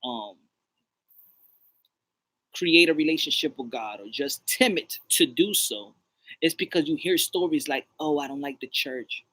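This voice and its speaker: A man's voice: mid-range voice, fairly bright tone, husky, dry recording, rough recording. A man co-hosting a podcast, talking in a rambling, preachy, repetitive way. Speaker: podcast co-host. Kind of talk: casual chat.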